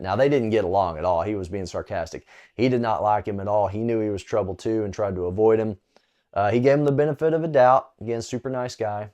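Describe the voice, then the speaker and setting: A man telling a personal faith story in a relaxed, conversational way, with frequent small fillers. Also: on the low side, fast talker. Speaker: storyteller sharing a faith testimony. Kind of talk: casual spoken testimony.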